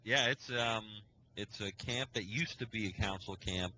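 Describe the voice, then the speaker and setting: A man's voice: fairly low pitch, a little slow, bright, forceful tone, slight background noise, low-quality recording. A man, a scoutmaster, telling a long story on a casual podcast, acting out the quoted dialogue as he goes. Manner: rambling storyteller who acts out quoted dialogue.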